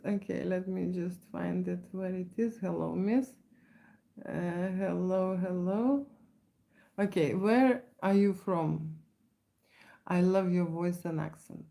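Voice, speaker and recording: A woman with a Lithuanian accent talks through viewer questions on a live stream, chatty and meandering. Her voice sits a little low and sounds mellow and soft. She keeps restarting her sentences and tags them with "right?". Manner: rambling, many restarts and tag questions. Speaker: photographer hosting a live Q&A. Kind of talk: casual live-stream talk.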